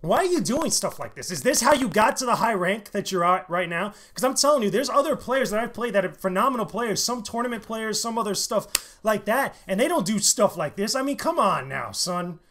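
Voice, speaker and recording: High-voiced excitable male game streamer. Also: fairly quick. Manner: excitable, trash-talking, shouts in bursts. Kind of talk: live gameplay commentary.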